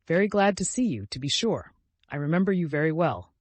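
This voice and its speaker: A man's voice: a little high, big pitch swings, fairly quick, no echo. A man reading an old resigned country landowner. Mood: reflective. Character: older grey-whiskered male country landowner, resigned.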